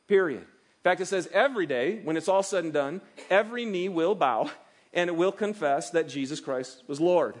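A middle-aged man preaching a sermon as pastor, animated and acting out quoted voices as he speaks. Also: high voice. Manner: animated, acts out quoted voices of God and listeners.

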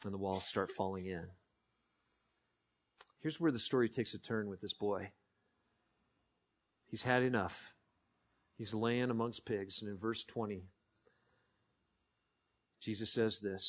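A man's voice: fairly low pitch, fairly even intonation, a little slow, long pauses. A man preaching a sermon in a conversational way, asking his listeners questions and acting out the scripture he reads. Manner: conversational, asks the audience questions, acts out scripture. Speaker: pastor.

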